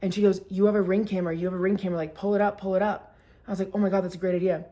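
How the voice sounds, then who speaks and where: A young woman in her twenties telling a story to her camera at home, animated and cursing, with many "like"s. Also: mid-range voice, racing. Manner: animated, swearing, heavy use of "like". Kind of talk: casual storytime vlog.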